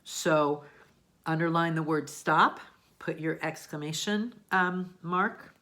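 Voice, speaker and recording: A woman's voice: deep voice, takes it slowly. A woman teaching a grammar lesson, explaining patiently step by step and checking in often. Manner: acts out example sentences with lively emphasis.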